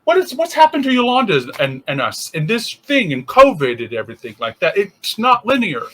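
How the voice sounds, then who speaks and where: Bright, high-voiced man teaching casually. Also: huge pitch swings, fairly quick. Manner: thinking aloud with restarts and acted-out inner voices. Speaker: interfaith minister. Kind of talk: casual spiritual teaching talk.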